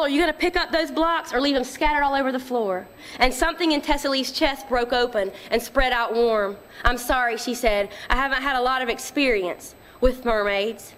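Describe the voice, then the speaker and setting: A woman author talks about her novel in a plain, conversational way, then reads passages from it aloud. Her voice sits a little above the usual pitch. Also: a bit bright. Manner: conversational, explains plainly before reading.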